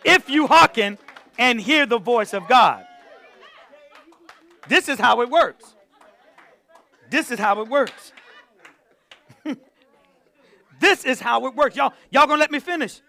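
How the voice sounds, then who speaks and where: A man's voice: very high-pitched, lively intonation, takes it slowly, vocal fry, pauses often, bright, forceful tone, a faint crowd. A man preaching a sermon to a church, repeating phrases and calling on the congregation to answer back. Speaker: pastor.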